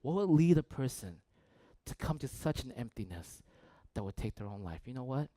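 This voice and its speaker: A man preaching a sermon as a pastor, telling a story conversationally with frequent "right?" and swinging between loud bursts and hushed near-whispers. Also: mid-range voice, sing-song, moderate pace, dry recording.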